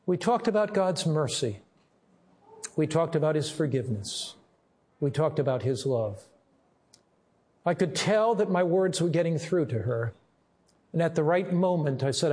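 A middle-aged male pastor preaching a sermon and telling a story, earnest, slowing down to stress key words. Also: fairly high pitch, animated, darkish tone.

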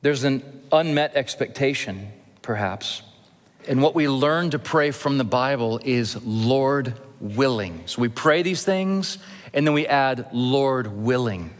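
A male pastor preaching an earnest expository sermon, slowing down to stress key phrases. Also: mid-range voice, lively intonation. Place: church sanctuary. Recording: long hall reverb.

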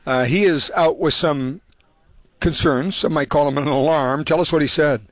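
A man hosting a show, asking a guest questions in a halting, hesitant way. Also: on the high side, no echo. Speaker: show host. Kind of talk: interviewing a guest.

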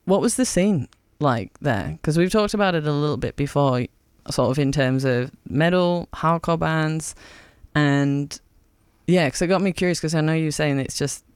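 A man's voice: a little high, gravelly, smooth, no echo, studio quality. A male radio host running a casual, chatty interview with enthusiasm.

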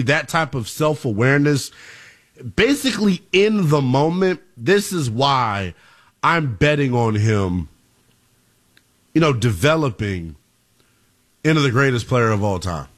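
A man hosting a sports talk radio show, excitable and emphatic as he talks to callers. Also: on the high side, measured pace.

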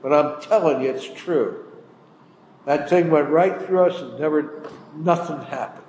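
A man's voice: on the high side, measured pace, a little mellow. An older man preaching a sermon, telling a story in a folksy, plain-spoken way. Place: church hall. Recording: echoey hall, faint room noise.

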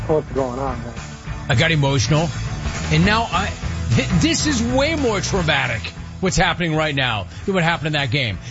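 A man's voice: on the high side, fairly bright tone. A man playing a rattled young football star, speaking in an incredulous, anxious ramble. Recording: slightly muffled radio broadcast.

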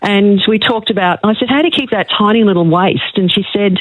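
A woman's voice: mid-range voice, fairly quick, breathy edge, no room sound. A woman in her sixties calling in to a radio show, telling a heartfelt story with emotion. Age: 60s. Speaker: caller, magazine journalist. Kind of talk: radio call-in chat. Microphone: phone line. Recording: tinny dry phone line.

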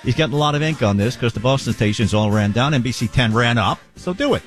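A man's voice: mid-range voice, animated, quick pace, faint music behind. A man hosting talk radio, blunt and folksy, chatting and reading ads in a casual way. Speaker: radio talk show host. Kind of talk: casual talk radio banter and live ad reads.

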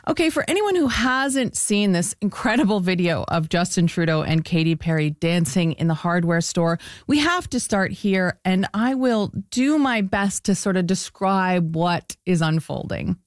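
A woman hosting a radio culture show, chatting casually in a lively, amused way. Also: fairly low pitch, moderate pace, few pauses, no room sound, clean studio sound.

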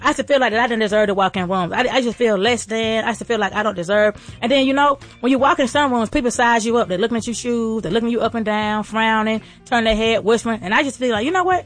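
Female restaurant owner, motivational faith talk; rapid, repetitive, sermon-like cadence. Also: a little high. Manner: fast, preachy, repetitive rallying cadence.

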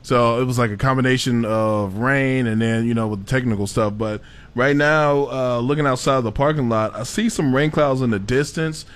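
A man who is covering at the studio, giving a halting update full of fillers about the local weather. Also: mid-range voice. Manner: hesitant, filler-heavy report.

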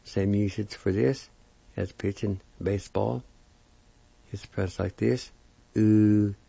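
A man teaching vocabulary, spelling out and pronouncing each word slowly and patiently, with repetition, on a dull lo-fi recording. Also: fairly low pitch, fairly even intonation, vocal fry, mellow, husky, no echo. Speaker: language teacher. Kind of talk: slow spelling and pronunciation lesson. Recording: dull lo-fi sound.

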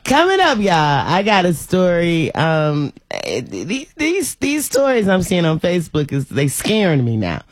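A woman hosting a talk show, chatting in an animated, preachy, folksy way. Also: fairly low pitch, measured pace, hardly any pauses, no echo. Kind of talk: casual talk show chat.

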